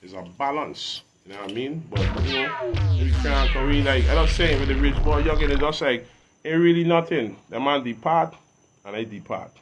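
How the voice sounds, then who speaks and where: A man's voice: medium pitch, expressive, normal speed, soft background music. A man who talks with emphatic street swagger in a laid-back interview. His voice sits in an ordinary middle range for a man. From Virgin Islands. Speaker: guest artist. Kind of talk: casual interview chat.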